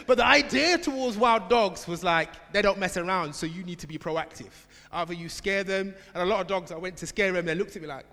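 Emphatic preacher in a reverberant hall. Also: male voice, sits high, a little fast, few pauses. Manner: emphatic, swings from shouted repetition to quiet asides. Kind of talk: sermon. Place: church.

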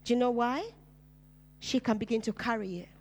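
A Ugandan woman preacher shares her personal testimony conversationally at a moderate pace. She speaks earnestly, and her voice drops low and soft when she reaches painful memories.

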